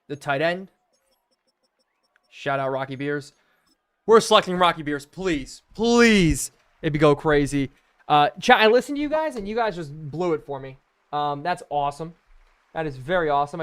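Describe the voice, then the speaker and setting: A man's voice: fairly high pitch, fairly bright tone, smooth. A young man live-streaming a video game, chatting to viewers and thinking aloud as he plays.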